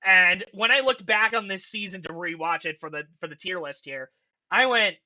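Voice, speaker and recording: A young man giving casual, rambling commentary as a channel host, excitable and swearing often. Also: high-pitched, moderate pace. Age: young adult. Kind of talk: casual commentary ranking a franchise.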